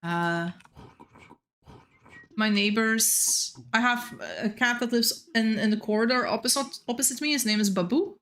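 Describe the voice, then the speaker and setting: Bright, chatty young woman gamer. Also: on the high side, measured pace. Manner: rambling, chatty, laughs often. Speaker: game streamer. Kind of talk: casual chat while gaming.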